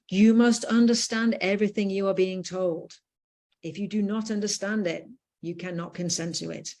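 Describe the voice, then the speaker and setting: A British woman gives a lecture in a firm, emphatic manner, stressing key points and dropping in fillers. Her voice sits somewhat low. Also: darkish tone. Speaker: educator giving a talk.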